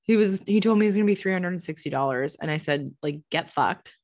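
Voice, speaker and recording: A young Canadian woman co-hosting a casual podcast from home, telling animated stories and swearing freely. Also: lowish voice, quick pace, dry recording, studio quality. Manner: swears freely, animated storytelling with quoted voices. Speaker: podcast co-host. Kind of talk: casual chat.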